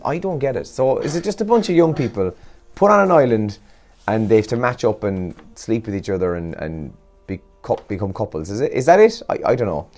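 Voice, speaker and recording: Tired, chatty Irish radio host. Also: male voice, on the low side, darkish tone. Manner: chatty, rambling and self-deprecating. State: tired, yawning. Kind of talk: casual morning show chat.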